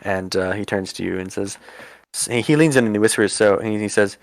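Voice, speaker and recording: A man's voice: on the low side, a little fast, dry recording. A man narrating as game master, describing scenes and voicing characters in turn.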